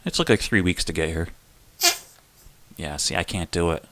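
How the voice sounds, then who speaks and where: A man's voice: sits low, normal speed, heavy background noise. A man hosting a casual live chat stream, joking and laughing with viewers as he reads their messages. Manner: chatty and joking, laughs often.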